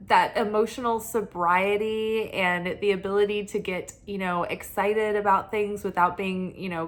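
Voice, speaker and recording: A woman's voice: medium pitch, fairly bright tone. A woman giving a spiritual tarot reading, talking in a rambling, earnest way with many fillers. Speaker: tarot reader. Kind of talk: spiritual guidance talk.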